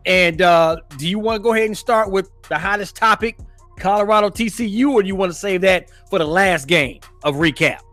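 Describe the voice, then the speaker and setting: Male sports podcast co-host, high voice, excitable and playful, with faint music behind. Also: fairly quick, dry recording. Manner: hyped, playful, breaks into sing-song. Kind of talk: casual sports chat.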